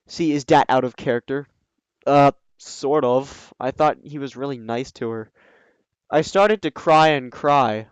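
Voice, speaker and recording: A man reading a story aloud and breaking in with sarcastic, scoffing asides, often pausing with ums. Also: mid-range voice, clean tone, no room sound, highs cut off. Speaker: reader and commentator. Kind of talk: reading a fan story aloud with mocking commentary.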